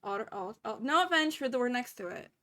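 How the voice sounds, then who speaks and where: A woman's voice: a little high, lively intonation, fairly quick, sharp tone. A young adult woman streaming a video game, chatting casually, swearing, and laughing at her own mispronunciations.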